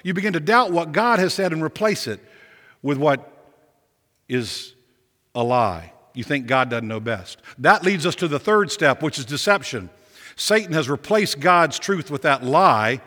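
A man's voice: a little high, sing-song, unhurried, pushed and bright. A male pastor preaching a sermon with emphatic repetition and rhetorical questions. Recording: long reverb of a big hall.

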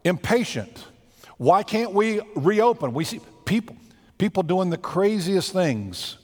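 A male pastor preaches in a loose, conversational storytelling manner, acting out the lines of the people in his story. His voice sits high for a man and swings widely in pitch. A long hall reverb trails after his words. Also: slow. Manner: conversational, animated storytelling with acted-out quotes. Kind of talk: sermon.

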